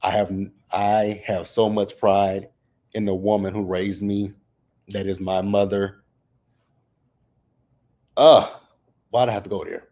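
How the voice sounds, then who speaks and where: A man's voice: lowish voice, flat delivery, slow, long pauses, dark tone. A man in his thirties hosting a casual livestream recap, open and emotional as he talks about his family and fights back tears. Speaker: reality TV recap host.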